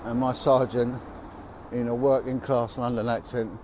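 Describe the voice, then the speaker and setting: A man's voice: mid-range voice, little pitch movement, moderate pace, noisy background. Blunt ex-cop man talking while walking. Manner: blunt, emphatic storytelling. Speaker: former police officer. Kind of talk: walking vlog monologue. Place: outdoors on a city street.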